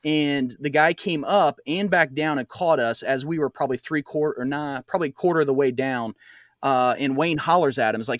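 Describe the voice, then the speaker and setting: A man's voice: on the high side, fairly quick, no echo. A man co-hosting a podcast, telling a long trail story in casual chat, rambling with fillers and laughing often. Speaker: podcast co-host.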